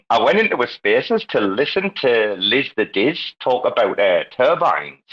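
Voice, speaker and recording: A man's voice: mid-range voice, very animated, a little slow, husky, lo-fi sound. A man hosting a casual online voice chat, rambling and swearing freely, laughing often. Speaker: podcast host. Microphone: online audio chat.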